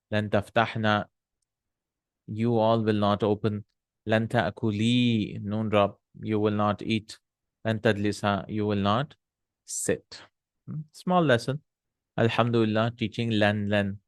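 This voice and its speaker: A man's voice: fairly low pitch, clean tone, no echo, studio quality. A man teaching an Arabic grammar lesson, reading Arabic lines aloud and then translating them step by step, with frequent hums and uhs.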